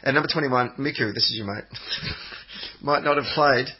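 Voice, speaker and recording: A man co-hosting a football podcast in casual chat, excitable and bantering, laughing often, on dull lo-fi audio. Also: mid-range voice, normal speed, crowd noise. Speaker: podcast co-host.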